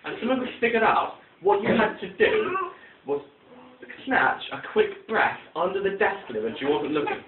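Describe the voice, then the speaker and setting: A man performing comic poems with animated storytelling and sound effects, recorded tinny and distant in an echoey room. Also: high-pitched, normal speed, slight background noise. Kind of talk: comic poem recitation.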